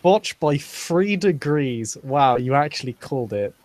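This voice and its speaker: A man's voice: mid-range voice, expressive, a little slow, darkish tone. A man who narrates as game master in a tabletop game, chatty with many fillers and frequent laughs.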